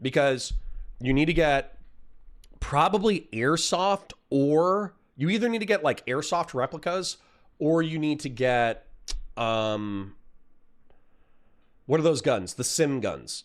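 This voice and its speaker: A man's voice: a little high, sing-song, measured pace. Rambling, profane male streamer. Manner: profane, rambling, reads chat aloud. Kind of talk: casual livestream rant.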